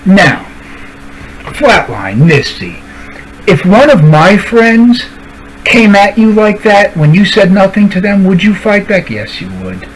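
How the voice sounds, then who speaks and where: A man's voice: sits high, huge pitch swings, slow pace, a little hiss or hum, poor audio. Confrontational man ranting to camera. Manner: confrontational, addresses people directly by name; repeats himself for emphasis. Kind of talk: angry rant to camera.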